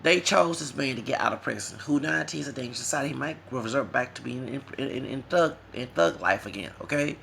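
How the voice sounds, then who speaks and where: A man's voice: medium pitch, fast, vocal fry, hardly any pauses, a little hiss or hum. A man from the United States ranting casually on a vlog, rambling and mocking, tagging his points with a questioning "okay?". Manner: rambling, keeps asking "okay?"; mocking, animated. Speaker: vlogger. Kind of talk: casual rant to camera.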